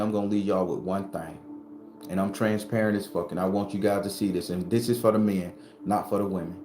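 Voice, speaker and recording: A man, giving a blunt, profane personal testimony to his viewers. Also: lowish voice. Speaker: spiritual video host. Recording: roomy echo with music behind.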